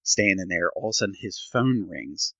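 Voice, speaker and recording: A man's voice: sits low, animated, normal speed, sharp tone, no room sound. A middle-aged man on a podcast, telling a story as a rant and acting out what people said. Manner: ranting storyteller, acts out quotes. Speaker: podcast co-host. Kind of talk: casual chat. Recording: slightly dull, dry podcast mic.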